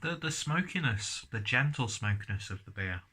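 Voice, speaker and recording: A man's voice: medium pitch, expressive, normal speed, bright, forceful tone, slight background noise. A man giving a casual beer and snack tasting review, chatting as he chews. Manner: chatty, talks while chewing.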